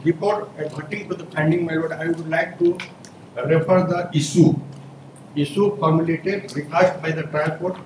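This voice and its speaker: A man's voice: fairly high pitch, steady tone, moderate pace. Man arguing formally in court, echoey and distant. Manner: formal, repeatedly addresses the bench as my lord. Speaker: advocate arguing an appeal. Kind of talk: courtroom argument. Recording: echoey courtroom audio from far off with noise.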